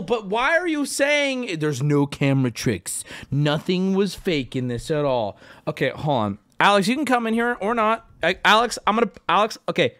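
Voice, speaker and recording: A man streaming live, reacting to videos with loud, profane mock-rage rants broken up by mumbled asides. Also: on the high side, very animated, normal speed. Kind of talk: casual live-stream commentary.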